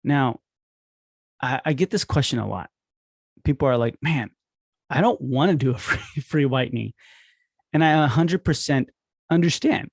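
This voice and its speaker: A man in a casual instructional talk who acts out phone calls with quick voice shifts. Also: mid-range voice, lively intonation, no echo, studio quality. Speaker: podcast host teaching dental marketing.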